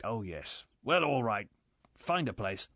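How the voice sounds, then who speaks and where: A man's voice: lowish voice, very animated, slow pace, a bit bright, no room sound, exaggerated voice. A man playing an impatient, bad-tempered rich man who growls and barks orders. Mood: irritated. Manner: gruff, barking.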